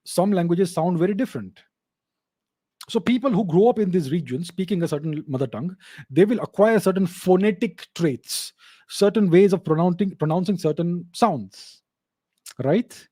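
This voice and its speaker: Guy doing a solo q&a show, bit high pitched, mellow tone, very sure of himself, hammers his points home. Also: normal speed, no room sound, clean studio sound. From India. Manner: assertive, emphatic, repeats points for stress. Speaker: host answering viewer questions. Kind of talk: casual solo Q&A commentary.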